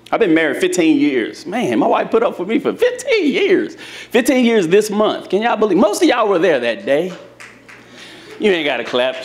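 A man preaching a sermon to a live congregation in church, speaking to them directly and telling folksy, humorous stories. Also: fairly high pitch. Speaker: pastor.

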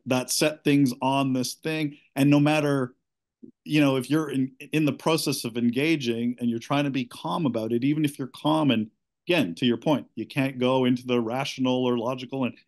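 A middle-aged man seeking coaching, giving a candid, halting account of his marriage with many restarts. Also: medium pitch.

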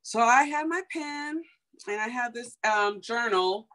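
A young woman from Chicago telling a personal story in a casual, animated way, full of fillers and acted-out quotes. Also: on the high side, unhurried. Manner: animated, heavy on fillers, acts out quoted dialogue.

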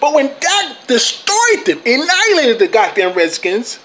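A man's voice: very high-pitched, wildly swooping pitch, unhurried, a bit bright, a little hiss or hum, rough recording. A man hosting his own sports channel, delivering a heated, profane, confrontational rant. He often repeats and restarts words when worked up. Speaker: channel host. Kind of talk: ranting sports vlog.

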